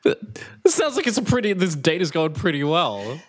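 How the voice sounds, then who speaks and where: A man's voice: fairly high pitch, wildly swooping pitch, moderate pace, husky, dry recording. A man co-hosting a podcast, chiming in with short, dry reactions to his co-host's story in casual chat. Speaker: podcast co-host.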